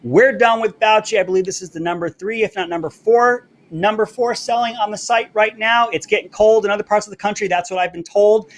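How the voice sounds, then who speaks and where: A man hosting a live political commentary stream, brash and fast-talking, pushing his merch between topics. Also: sits high, slight background noise. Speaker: show host. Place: Florida.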